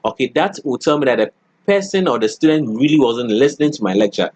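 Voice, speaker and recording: A man's voice: medium pitch, animated, fast talker, a little mellow, no echo. A middle-aged man lecturing a college class, often checking in with "okay" and "all right" and acting out spoken examples.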